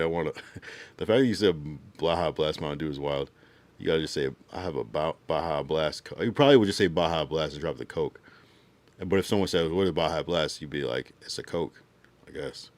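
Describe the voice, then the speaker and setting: A deep-voiced man from the United States streams live with no echo, casually reading his viewers' messages aloud and responding. His talk is loose, full of slang and swearing.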